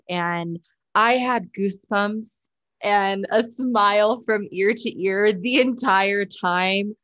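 A woman's voice: medium pitch, fairly bright tone. Gushing, heartfelt woman podcast host. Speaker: podcast host and business coach. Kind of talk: casual podcast intro.

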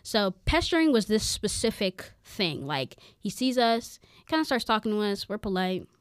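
A young adult woman co-hosting a podcast, telling a story in casual chat, animated and full of "like", acting out what people said. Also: mid-range voice, moderate pace, clean tone, no room sound, clean studio sound. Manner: animated, chatty, full of "like" and acted-out quotes. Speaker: podcast co-host.

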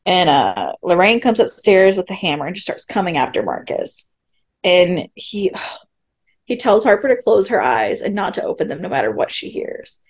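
A fairly low-pitched woman's voice with big pitch swings and a breathy edge moves at a moderate pace. As a podcast co-host, she chattily recaps a TV episode, acts out quoted lines, and laughs often.

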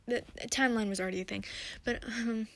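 A woman's voice: fairly high pitch, fairly even intonation, fast talker, creaky, a bit bright. A woman hosting her own podcast, recapping a TV episode in a chatty, rambling way with many fillers and restarts. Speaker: podcast host.

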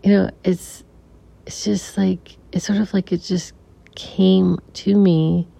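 A middle-aged woman telling a reflective personal story as a podcast guest, softly and haltingly, with many restarts and some near-whispers. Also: mid-range voice, level tone, gravelly. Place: room in a family home. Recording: dull recording with faint air conditioner hum. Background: air conditioner hum.

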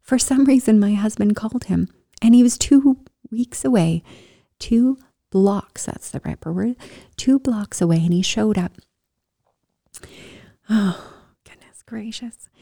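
A woman telling her own story in a casual, animated way, swinging from loud bursts to soft whispers. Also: medium pitch, moderate pace, gravelly, no echo, clean studio sound. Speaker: storyteller sharing a personal story.

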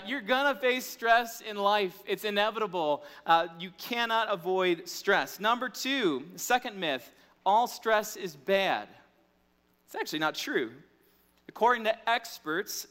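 A man's voice: sits high, sharp tone. A man in his thirties, a pastor preaching a sermon in a conversational, candid way. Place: church. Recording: reverberant church hall.

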